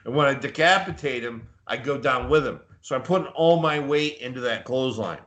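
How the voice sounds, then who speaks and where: Bright, boastful man telling wrestling stories. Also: mid-range voice, brisk, dull audio. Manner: boastful, rambling storyteller. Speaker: podcast co-host. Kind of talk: casual live podcast chat.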